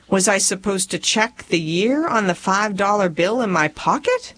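A woman's voice: mid-range voice, lively intonation, moderate pace, few pauses, a bit bright. A woman in her forties from rural Tennessee with a Southern accent, reading her own memoir aloud in a folksy, humorous storytelling manner. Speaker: memoir narrator.

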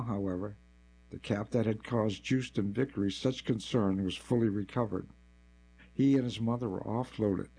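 A man narrating a nonfiction article as scripted narration, with a measured, even delivery. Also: on the low side, rough recording.

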